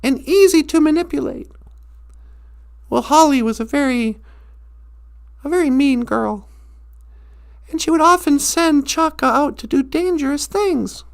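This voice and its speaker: High-voiced, animated woman storyteller. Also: a little slow, gravelly, long pauses. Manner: animated, joking, laughs often. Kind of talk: humorous live-stream storytelling.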